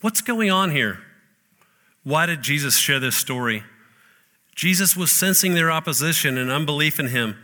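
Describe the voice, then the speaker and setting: Man, pastor, sermon, storytelling, rhetorical questions, very bright tone. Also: fairly high pitch, animated, moderate pace.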